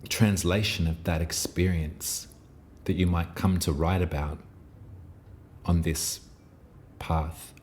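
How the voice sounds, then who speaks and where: A man with a very low voice gives a gentle tarot reading, speaking in a soft, reassuring way. He meanders through his thoughts, trailing off and restarting phrases with long pauses. A faint hiss of ambience sits behind him. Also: fairly even intonation. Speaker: tarot reader. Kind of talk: intuitive tarot reading monologue.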